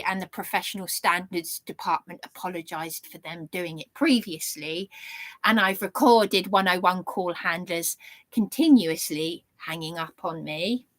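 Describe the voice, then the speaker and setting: A woman's voice: mid-range voice, fairly bright tone. A woman vlogger telling an aggrieved story to her viewers in an indignant, rambling way. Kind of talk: aggrieved monologue to camera.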